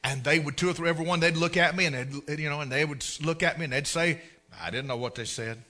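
A man's voice: fairly high pitch, fast talker. A man preaching a sermon, telling folksy stories and acting out the scenes. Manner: folksy, animated storyteller who acts out scenes. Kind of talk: storytelling sermon.

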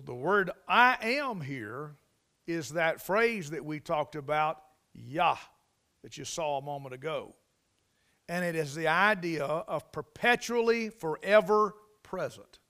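A man preaching a sermon in a conversational way, repeating and restarting phrases and swelling loudly on key lines. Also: fairly high pitch, expressive, a little slow.

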